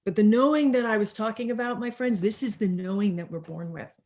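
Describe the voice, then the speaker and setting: A woman pastor giving a slow, reflective sermon over a video call, repeating words and pausing for emphasis, a little tired. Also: mid-range voice, darkish tone.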